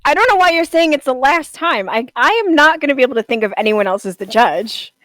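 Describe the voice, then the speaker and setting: A bubbly, effusive woman chats with friends. Her voice is high and lively, recorded dry and close. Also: fast talker, dry recording. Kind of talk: casual chat.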